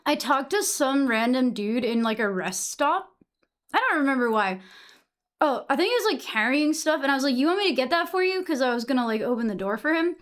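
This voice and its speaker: A woman's voice: high voice, lively intonation, fairly quick. A young woman from Massachusetts chatting casually with her stream audience, answering chat messages and swearing freely.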